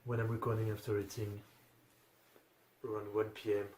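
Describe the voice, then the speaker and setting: A man's voice: fairly low pitch, completely flat delivery, moderate pace, a little mellow. A man hosting an anime reaction, commenting casually and offhand, a little sleepy and swearing now and then. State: sleepy, yawning. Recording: echoey room, faint background hiss.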